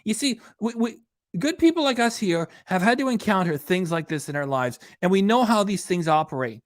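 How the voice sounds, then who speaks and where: A man's voice: high-pitched, expressive, brisk, no echo, studio quality. A man hosting a reaction channel, scolding a streamer in an angry, profane rant. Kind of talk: angry commentary on a livestream.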